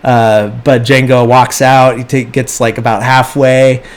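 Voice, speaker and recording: A man hosts a podcast and walks through a film's plot at an unhurried, slow pace. His retelling is loose and rambling, with quick bits where he mimics the characters. His voice sits at an ordinary middle pitch for a man. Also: little pitch movement, clear, resonant tone. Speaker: podcast host. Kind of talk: casual movie plot recap.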